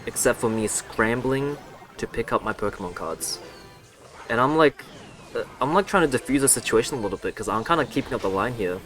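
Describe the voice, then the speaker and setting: A man's voice: mid-range voice, expressive, quick pace, a bit bright, soft background music. A young man telling a story in a casual, rambling way, breaking off for sarcastic gaming asides. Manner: rambling and self-mocking, with sarcastic asides and swearing. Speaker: gaming vlogger. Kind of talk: casual storytelling over gameplay commentary.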